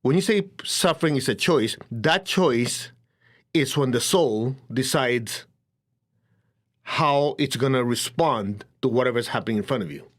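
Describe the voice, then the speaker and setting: Animated man telling stories in a lecture. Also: mid-range voice, a little slow. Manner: animated storytelling, acts out quoted voices, laughs often. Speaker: spiritual teacher. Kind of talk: lecture to an audience.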